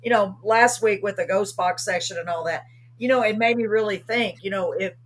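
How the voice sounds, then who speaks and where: A woman's voice: medium pitch, brisk. A middle-aged woman hosting a casual chat show, talking loosely with many fillers. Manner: chatty, many "you know" fillers. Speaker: host.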